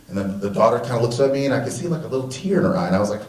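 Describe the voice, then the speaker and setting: A man telling a personal story live on stage, animated and acting out the dialogue. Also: medium pitch, very fast, hardly any pauses. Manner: animated, acts out the dialogue and laughs at himself. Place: stage at a museum event hall. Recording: roomy hall, distant mic.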